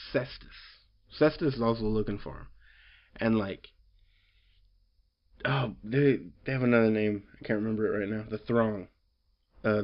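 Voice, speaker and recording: A man's voice: lowish voice, muffled recording. A man casually recapping a story, rambling with lots of fillers and loosely quoting characters. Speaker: comic book reviewer.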